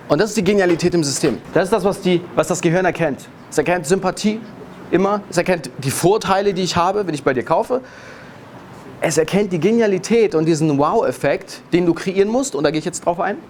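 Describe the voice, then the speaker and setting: Punchy man on stage, slightly raised pitch. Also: darkish tone, a little hiss or hum. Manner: emphatic, punchy stresses, restarts mid-phrase. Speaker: business speaker. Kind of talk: energetic marketing talk.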